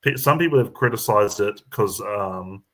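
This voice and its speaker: Man, New Zealand accent, lowish voice, casual chat, full of ums and restarts. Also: animated, fairly bright tone. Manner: halting, many fillers and restarts.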